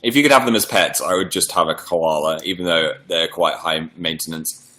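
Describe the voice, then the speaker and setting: A man's voice: low voice, moderate pace, bright, forceful tone, echoey room. A man, chatting playfully on a livestream and reading viewer messages, with a slight cold. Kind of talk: casual livestream chat.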